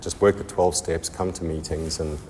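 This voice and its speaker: Man giving a recovery testimony, very deep voice, halting with many pauses, echo of a hall, faint noise behind. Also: fairly even intonation, mellow. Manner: halting, many ums and restarts. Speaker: person in recovery sharing his story. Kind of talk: personal testimony.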